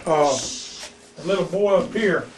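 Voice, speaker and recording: A man's voice: on the high side, a little slow, a little hiss or hum. An older man telling folksy stories about coaching youth baseball, at home in his living room. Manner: folksy Southern storyteller, acts out voices in his anecdotes. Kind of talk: storytelling in a home visit.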